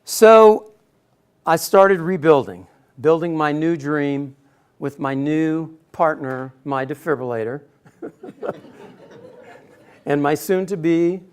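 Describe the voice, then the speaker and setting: A middle-aged man telling a personal story in a speech to an audience, acting out quotes with sudden loud bursts. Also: on the high side, smooth. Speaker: speaker giving a personal talk.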